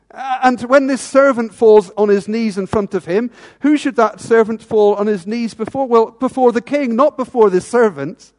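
A man preaching a sermon in a church, earnest, asking rhetorical tag questions and dropping into hushed tones. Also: sits high, big-room sound.

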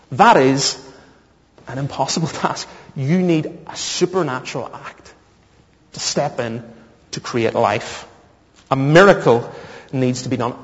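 A man preaching a sermon, mixing Bible reading with humorous personal stories. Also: mid-range voice. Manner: storytelling with self-deprecating humor. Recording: muffled, echoey hall.

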